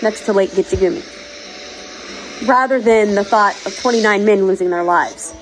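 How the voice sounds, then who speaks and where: A woman's voice: mid-range voice, moderate pace, soft background music, rough recording. A woman hosting a podcast, talking in an earnest, emotional, pleading way. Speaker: podcast host. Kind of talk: casual chat. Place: virtual world.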